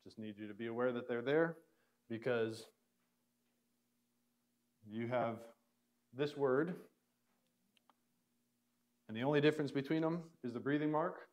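A man's voice: mid-range voice, a little slow, long pauses, a little mellow. Man teaching a casual classroom lesson. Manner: casual, filler-heavy explaining with restarts. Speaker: Bible Greek teacher. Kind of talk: classroom lecture. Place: church classroom.

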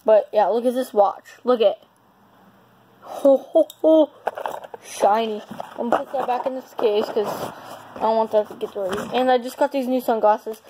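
A woman's voice: fairly high pitch, fairly even intonation, fairly quick, mellow, slight background noise, low-quality recording. A woman chatting casually on her vlog, rambling and repeating herself as she shows off her belongings. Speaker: vlogger.

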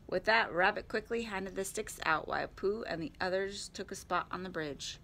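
A woman at a library storytime, reading a picture book aloud in a clear, expressive way. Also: medium pitch, normal speed, few pauses.

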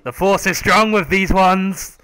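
A man doing playful, excited gameplay commentary, hamming up a role-play and making buzzing lightsaber noises with his mouth. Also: high-pitched, a little slow, smooth. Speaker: gamer and channel host.

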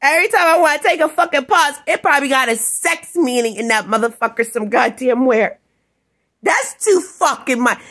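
A woman vlogger in an angry, rambling rant, swearing constantly and often breaking into shouts. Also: high voice. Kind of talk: ranting vlog monologue.

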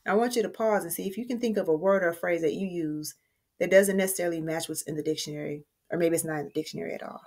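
A woman's voice: lowish voice, very fast, darkish tone. A woman teacher giving a recorded writing lesson in a friendly, conversational way, explaining step by step.

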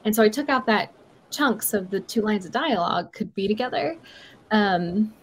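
A woman's voice: mid-range voice, lively intonation, moderate pace, slight background noise. A woman hosting a writing livestream, chatting casually and playfully about her editing over a video call. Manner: chatty, playful, self-deprecating. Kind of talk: casual chat.

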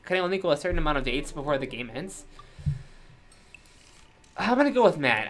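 A woman hosting a let's play, chatting casually and joking as she plays a game. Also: deep voice. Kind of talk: casual gameplay commentary.

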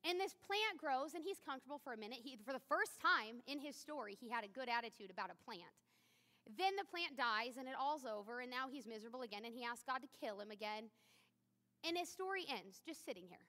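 A woman's voice: high-pitched, lively intonation, a little fast, pushed and bright. A woman in her thirties preaching a sermon in a chatty, joking way with playful asides. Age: 30s. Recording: long church-hall reverb.

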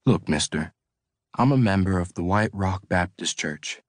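A man voicing a frightened young working man who answers the police in a soft, breathless, pleading voice. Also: deep voice, lively intonation, unhurried, no echo, studio quality. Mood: protesting.

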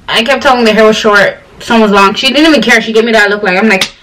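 A young Ghanaian vlogger chats casually to camera, telling rambling stories with animated quoted voices. She talks fast in a fairly high voice, and the slightly distant mic picks up a little hiss or hum.

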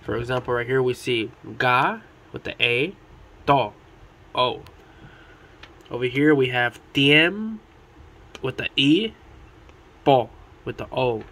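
A man teaching Spanish words at a board, repeating each one slowly and deliberately. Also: medium pitch, sharp tone. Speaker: Spanish tutor.

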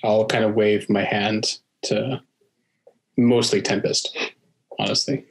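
Relaxed low-voiced man at the table. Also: slow, vocal fry. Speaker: player. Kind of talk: casual game chat.

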